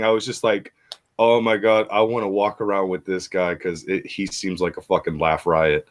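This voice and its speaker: A man on a casual live-stream group chat, telling stories excitedly, swearing a lot and laughing. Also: low-pitched, moderate pace, no echo.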